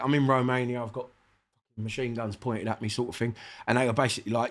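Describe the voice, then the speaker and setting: A middle-aged man with a South London accent, a guest MC telling lively, sweary anecdotes in a casual interview, acting out the dialogue. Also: medium pitch, fast. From South London, England.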